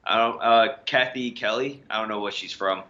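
A man's voice: fairly low pitch, moderate pace, pushed and bright. Jokey male podcast co-host, lo-fi sound. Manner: jokey, teasing. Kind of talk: casual chat. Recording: dull lo-fi sound.

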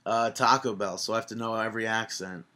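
A man hosting a podcast in casual chat, joking and teasing his co-host with quick banter. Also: on the low side, fairly even intonation, very noisy.

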